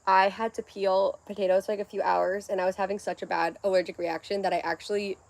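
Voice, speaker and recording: A woman's voice: medium pitch, flat delivery, quick pace, vocal fry, a little mellow. A young adult woman hosting a casual livestream at home, rambling from one topic to the next in a scattered way. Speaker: livestream host.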